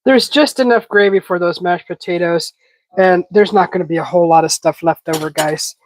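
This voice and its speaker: A woman's voice: on the low side, fairly quick, no echo, low-quality recording. A woman hosting a casual live cooking stream, sniffling from a stuffy head cold and chatting with viewers as she cooks. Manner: chatty, reads viewer comments aloud while cooking. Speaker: cooking livestream host.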